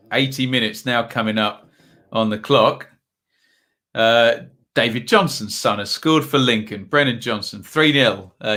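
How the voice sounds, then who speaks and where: A man hosts a live football watchalong stream, chatting casually and reading viewer comments between match updates. His voice is mid-range with a sharp tone.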